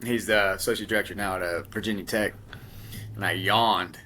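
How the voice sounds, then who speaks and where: A man with a low but sharp, bright voice tells a relaxed anecdote and chuckles as he goes. He comes across as a co-host on a casual podcast. A faint noise sits under his audio. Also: a little fast.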